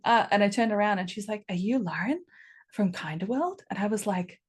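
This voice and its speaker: A woman, a game studio co-founder, chatting in an interview and telling stories with lively acted-out quotes. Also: mid-range voice, fairly quick. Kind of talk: casual interview chat.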